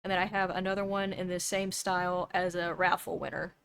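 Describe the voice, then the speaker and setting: A woman's voice: fairly low pitch, flat delivery, fairly quick, creaky, fairly bright tone, a little hiss or hum. A young woman streamer chatting casually while she draws, thinking aloud and doubting herself as she goes. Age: young adult.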